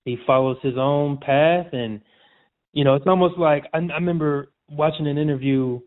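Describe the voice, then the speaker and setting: A man's voice: on the high side, normal speed. Slangy man on a tinny line. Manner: relaxed, storytelling, slangy. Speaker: sportswriter guest. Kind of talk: casual interview chat. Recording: tinny phone-like audio.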